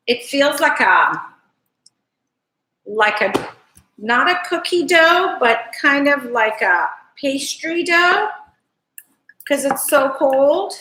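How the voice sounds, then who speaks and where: A woman's voice: sits high, bright, forceful tone, slight background noise. Chatty woman in an echoey kitchen. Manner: chatty, rambling, talks fondly to viewers. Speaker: cooking show host. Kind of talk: live cooking stream chat. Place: home kitchen.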